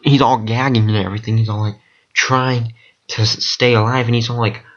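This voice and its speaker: A man in a casual vlog, recounting a story in an excitable, rambling way, full of fillers and swearing. His voice sits at an ordinary middle pitch. The sound is dull and lo-fi, like a cheap home mic. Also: a little fast. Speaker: vlogger recounting dreams.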